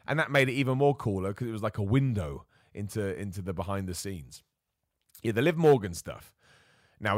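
A man's voice: mid-range voice, no room sound. A man hosting a casual wrestling recap show, chatty and opinionated, talking close to the mic. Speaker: wrestling commentator host.

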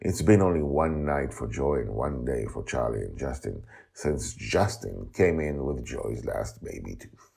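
A man's voice: very deep voice, expressive, a little slow, creaky, darkish tone, husky. A man hosting a podcast, telling a storybook tale in a rambling, casual way with asides. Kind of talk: casual chat and storybook narration.

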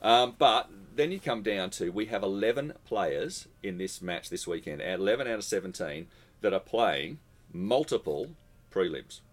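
A man's voice: fairly low pitch, animated, moderate pace. A man, co-hosting a casual sports chat and reeling off player lists. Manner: chatty, reels off player lists. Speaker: podcast co-host.

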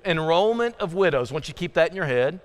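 Joking pastor with a clear, fairly high voice. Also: male voice, animated, quick pace. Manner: casual, joking asides, frequent restarts. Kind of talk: conversational sermon. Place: church sanctuary. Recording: long reverb of a large church hall.

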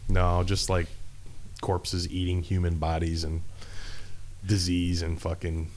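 A man's voice: sits low, completely flat delivery, slow, darkish tone, slight background noise. A man in a casual, profane, rambling chat, talking about metal shows as a podcast co-host. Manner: laid-back, profane, rambling.

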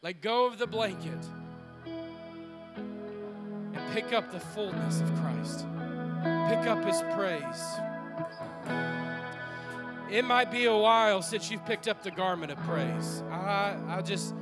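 A man's voice: high voice, animated, slow, long pauses, over music. A man preaching a sermon as pastor in a church, with an impassioned, repetitive preaching cadence. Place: church sanctuary.

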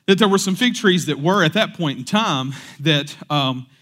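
A young man gives a relaxed, chatty sermon, reading scripture and then wandering into jokes and side stories. He talks in a slightly high voice and keeps dropping in fillers and restarting his sentences. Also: normal speed. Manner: casual, joking asides, frequent fillers and restarts. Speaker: pastor. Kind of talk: conversational sermon.

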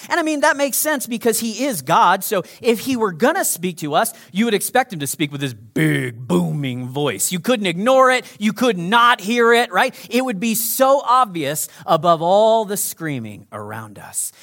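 A man preaching a sermon as pastor, animated, swinging between loud emphasis and soft whispers. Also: sits high, moderate pace, few pauses.

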